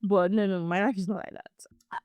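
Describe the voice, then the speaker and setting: A young Nigerian woman hosting a casual solo podcast, chatty and animated, laughing often and repeating words as she goes. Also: mid-range voice, a little fast, dry recording. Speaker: podcast host.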